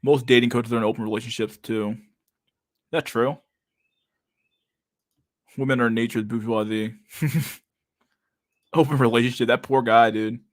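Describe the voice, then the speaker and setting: A man's voice: medium pitch, steady tone, a little slow, long pauses, dry recording, clean studio sound. A man in his thirties hosting a casual live stream, reading viewer comments aloud in a loose, profane way and saying "dude" a lot. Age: 30s.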